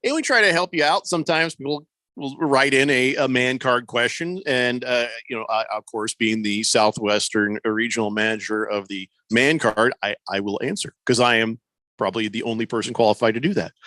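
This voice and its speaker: A male radio host talking in a bright, forceful voice. He banters casually and gives mock-serious, authoritative advice to his listeners. The studio sound is close and dry. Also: mid-range voice, no room sound.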